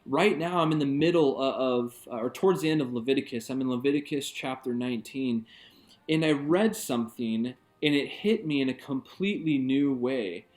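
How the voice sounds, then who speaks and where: A man's voice: medium pitch, normal speed, darkish tone. A man, a pastor, giving an earnest, reflective devotional talk in a conversational way.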